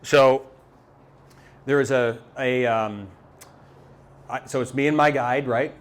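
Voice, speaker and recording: Halting, animated male storyteller on stage. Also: mid-range voice, a little hiss or hum. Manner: animated, halting storyteller with many repeats and fillers. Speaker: motivational speaker. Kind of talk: live storytelling talk to an audience. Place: talk venue with a live audience.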